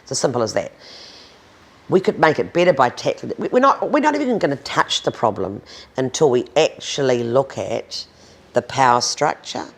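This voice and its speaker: Blunt, gravelly New Zealand woman. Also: a bass voice, sing-song, moderate pace. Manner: blunt, emphatic, swears freely. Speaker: interviewee, domestic violence advocate. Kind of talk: candid conversational interview.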